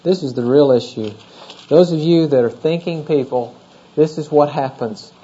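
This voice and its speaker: A man's voice: a little high, normal speed, warm tone, a little hiss or hum. A male pastor teaching a sermon through scripture, talking casually and often checking in with the congregation with questions. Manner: conversational, asks the congregation questions. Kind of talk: expository sermon. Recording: dull lo-fi sermon recording.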